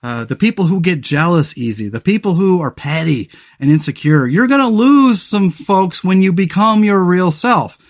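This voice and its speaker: A man's voice: high-pitched, animated, moderate pace, hardly any pauses. A man hosting a solo motivational podcast, talking earnestly and rambling, with frequent restarts, fillers and the odd swear word. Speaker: podcast host.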